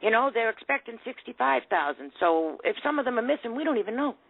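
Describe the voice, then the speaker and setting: A woman's voice: on the high side, expressive, quick pace. A woman hosting a talk radio show, giving indignant, sarcastic commentary. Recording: tinny phone-like audio.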